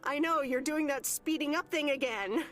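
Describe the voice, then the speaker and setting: Brief: a woman doing a dry courier woman, high and lively, faint music under. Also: moderate pace. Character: dry, practical adult woman postal courier.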